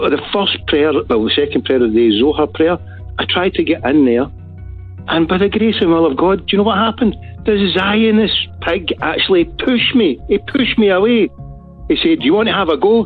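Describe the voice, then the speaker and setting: A man's voice: a little high, normal speed, husky, soft background music. A man from Glasgow with a Scottish accent, calling in to a talk show and speaking fervently, like a preacher making urgent appeals. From Glasgow, Scotland. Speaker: caller. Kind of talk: phoned-in call to a talk show. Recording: tinny phone line.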